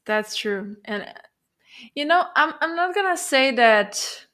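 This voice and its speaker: A woman co-hosting a casual, reflective podcast conversation, speaking hesitantly with many pauses and fillers. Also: high voice, expressive, pushed and bright. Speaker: podcast co-host.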